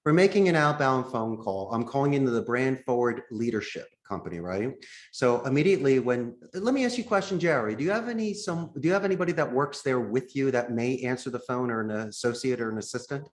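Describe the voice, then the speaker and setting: A man's voice: mid-range voice, lively intonation, fast talker. Guy teaching phone sales on a podcast, acts out the calls, regular mid voice. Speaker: call center founder, podcast guest.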